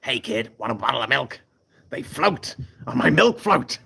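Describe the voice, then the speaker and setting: A man putting on a creepy male killer clown who coaxes a child in a slow, sinister voice. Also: medium pitch, sing-song, gravelly, bright, forceful tone, husky, heavily acted. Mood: sinister coaxing.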